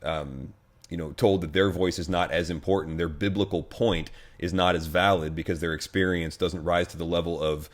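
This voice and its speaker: A man's voice: sits low, fairly even intonation, moderate pace. An American man, a pastor, talking casually to camera in a loose, wry way with plenty of fillers and restarts. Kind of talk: casual video commentary.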